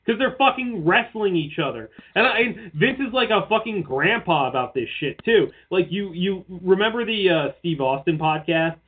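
Male podcast co-host, high voice, profane and rambling, tinny phone-like sound. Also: lively intonation, moderate pace, hardly any pauses, husky. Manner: profane, rambling, mocking asides. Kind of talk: casual chat.

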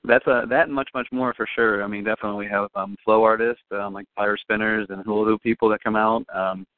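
A man with a lowish voice talks fast and rambles, full of ums as he describes his event. The sound is thin and tinny, like a phone line. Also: steady tone, no echo. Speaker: event organizer guest. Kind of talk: casual interview chat. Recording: tinny, phone-like dry audio.

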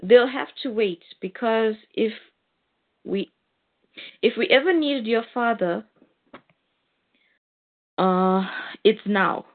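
A woman voicing a determined, protective mother who speaks urgently and haltingly. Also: a little high. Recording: tinny phone-like sound.

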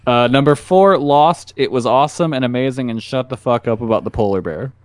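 Male podcast co-host reading a list, earnest and steady, dry sound. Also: mid-range voice, fairly quick, no room sound.

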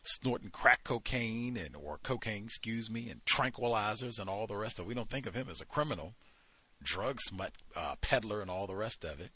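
A man's voice: lowish voice, animated, moderate pace, pushed and bright, husky. A man hosting a study session, reading passages aloud from a book and breaking off into heated commentary, with frequent fillers while he searches the text.

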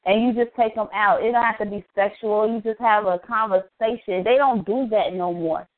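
Woman co-host, mid-pitched, agreeable chat, tinny phone-like sound. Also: fairly even intonation, normal speed. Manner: agreeing, frequent backchannels. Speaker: radio show co-host. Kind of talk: casual chat.

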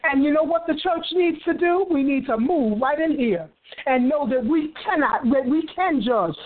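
A woman's voice: high-pitched, expressive, moderate pace, narrow, tinny audio. A woman preaching with fervor, breaking into hallelujahs and repeating phrases as she drives her points home. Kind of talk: fervent preaching.

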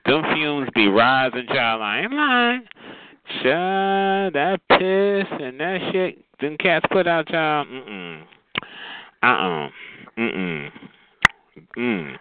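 A man's voice: fairly high pitch, very animated, very slow, a little hiss or hum. Sassy man roasting over a phone line. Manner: sassy, drawling, calls others child and honey. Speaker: host of a call-in roast show.

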